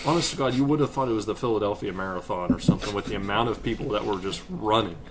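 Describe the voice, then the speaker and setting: A man's voice: lowish voice, very fast, very noisy. A man hosting a casual podcast, easygoing and chatty, laughing along and telling long rambling stories. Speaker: podcast host.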